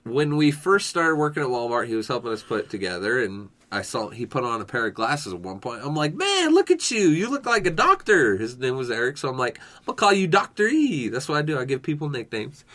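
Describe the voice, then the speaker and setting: A man's voice: medium pitch, animated, fast talker, hardly any pauses, fairly bright tone. A young man co-hosting a podcast, telling funny workplace stories in casual chat and laughing as he acts out what people said. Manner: laughs through his storytelling, acts out quotes. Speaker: podcast co-host.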